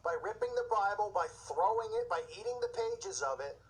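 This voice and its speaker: A man's voice: high-pitched, moderate pace, low-quality recording. A man hosting his own show, delivering an agitated, indignant religious commentary rant with mocking asides. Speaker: show host.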